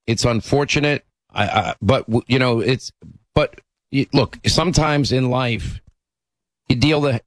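A man's voice: mid-range voice, no echo. A man hosting a call-in talk radio show, speaking emphatically and often restarting his sentences. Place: radio studio.

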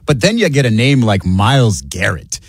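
A man co-hosting a sports talk show in an animated way, acting out imagined reactions. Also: fairly low pitch, normal speed, husky, no room sound, clean studio sound.

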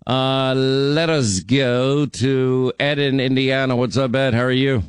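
A man's voice: mid-range voice, fairly even intonation, takes it slowly, clear, resonant tone, no echo. A man hosting a call-in radio show, chatting and joking with callers in a rambling, friendly way. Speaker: radio talk show host.

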